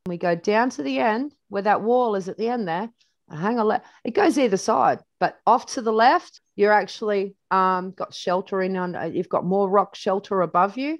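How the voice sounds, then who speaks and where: A woman's voice: medium pitch, normal speed, no room sound, lo-fi sound. An Australian woman from New South Wales, a guest in an interview, chatting loosely as she talks through photos and tells stories with lots of restarts. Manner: chatty and rambling, with many restarts; vivid anecdotes with reported speech. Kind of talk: casual storytelling over photos.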